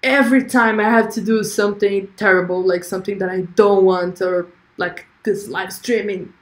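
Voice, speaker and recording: A woman's voice: medium pitch, fairly even intonation, normal speed, echoey room. A young woman hosting a livestream, chatting effusively and reading viewer comments aloud. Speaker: livestream host. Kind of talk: casual livestream chat.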